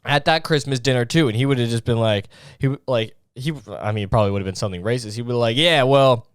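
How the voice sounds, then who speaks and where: A man's voice: mid-range voice, fast, clean tone, dry recording, studio quality. A young man hosting a comedy podcast, rambling and swearing with lots of filler words. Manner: rambling, profane, full of fillers. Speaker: podcast host.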